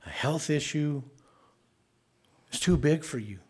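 A man's voice: fairly high pitch, slow pace, breathy edge. A man preaching a sermon in an earnest, conversational way, often restarting his words.

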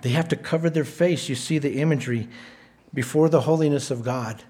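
A man preaching a sermon, stressing points by repeating words, with a measured, emphatic delivery. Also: a little high, mellow. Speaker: pastor.

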